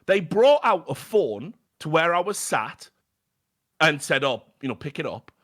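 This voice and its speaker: British male guest, animated storyteller, high-ish voice, salty language. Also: measured pace. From Britain. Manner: animated, swears freely, stammers and restarts. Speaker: podcast guest. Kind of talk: casual storytelling chat.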